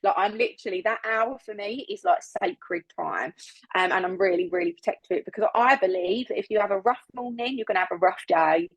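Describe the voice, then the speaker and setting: In a low-quality, dry recording, a woman with a brisk, mid-range voice gives a casual team training on a video call as business team leader. She's upbeat and chatty, motivational in tone, laughing often and repeating words for emphasis.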